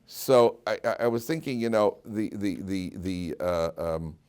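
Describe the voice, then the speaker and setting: A man teaching a Torah class as a rabbi, animated and storytelling, acting out quoted lines with frequent restarts and laughter. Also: sits low, unhurried, smooth. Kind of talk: lively Torah lecture.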